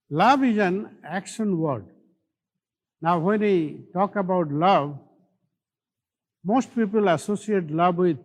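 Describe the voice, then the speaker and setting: Slow-preaching Indian English pastor, high voice. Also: male voice. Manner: slow, deliberate preaching with emphatic stresses. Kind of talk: sermon.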